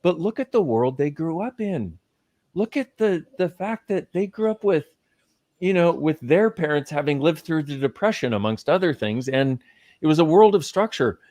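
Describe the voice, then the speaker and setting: A man with a somewhat high, slightly mellow voice speaks at a moderate pace with lively intonation as a guest in live conversational teaching. He's emphatic, swears offhandedly, and lists ideas, and the recording is close and dry.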